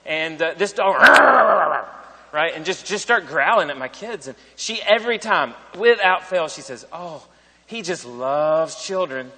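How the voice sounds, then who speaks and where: A man's voice: sits high, animated, unhurried, gravelly, bright, forceful tone, husky, in a large hall. A man in his thirties, a pastor preaching a sermon in a conversational way, repeating phrases and often asking "right?".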